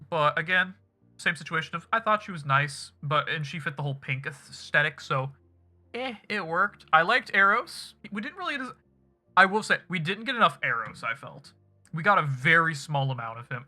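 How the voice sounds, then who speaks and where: A male streamer with a very bright, slightly higher voice rambles casually as he wraps up, swearing freely and thinking aloud. Faint music plays behind him. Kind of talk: casual end-of-stream chat. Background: music playing in the background.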